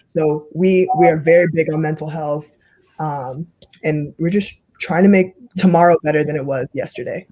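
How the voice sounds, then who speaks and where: A woman's voice: low voice, fairly even intonation, moderate pace, mellow, dry recording, poor audio. A young woman who is a college athlete, speaking earnestly as an advocate on a casual panel. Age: young adult.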